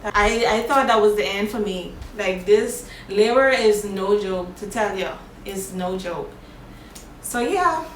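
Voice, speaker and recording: Woman vlogger, casual storytime, animated and plain-spoken, echoey room, faint background noise. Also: medium pitch, takes it slowly.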